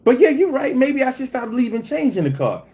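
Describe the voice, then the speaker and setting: A man talks casually to his stream chat, his voice leaping high and low as he tells stories. He jokes freely and swears often. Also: a little fast. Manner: animated, swings high when telling stories; profane and joking. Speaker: livestream host reading chat.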